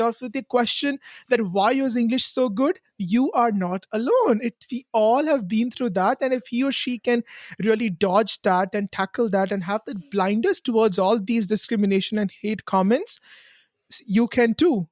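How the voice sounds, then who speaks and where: A woman's voice: a little high, no echo, studio quality. A woman with an Indian accent, a podcast host talking earnestly and encouragingly about her show in a casual interview. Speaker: podcast host answering as guest.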